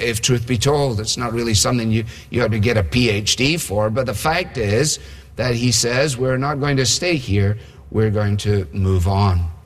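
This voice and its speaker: Conversational male preacher in a reverberant hall. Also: mid-range voice. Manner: conversational, asks the congregation rhetorical questions. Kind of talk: sermon.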